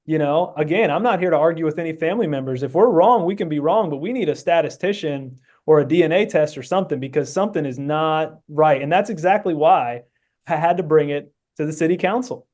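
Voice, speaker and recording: Man, podcast guest, casual chat, earnest and rambling, mellow tone, slightly high. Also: fairly quick. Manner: earnest, rambling reasoning with many fillers.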